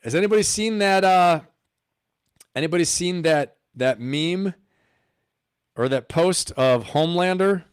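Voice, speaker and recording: A man's voice: high voice, measured pace, pauses often, clean tone, no echo. Male live-stream host, emphatic and riffing, dry close sound. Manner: emphatic, riffing, full of rhetorical questions. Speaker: political commentary host.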